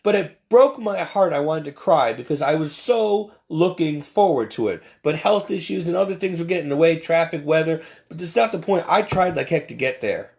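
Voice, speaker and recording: A man's voice: fairly high pitch, lively intonation, moderate pace, few pauses, a little mellow. A man delivering an impassioned, preachy monologue about faith, emphatic and often stumbling over repeated words. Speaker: Catholic commentator.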